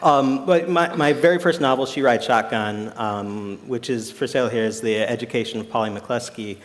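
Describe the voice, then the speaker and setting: A man's voice: mid-range voice, moderate pace. A man, an author on a panel, talking in a thoughtful and discursive way. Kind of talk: panel talk. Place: live event venue. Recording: reverberant hall.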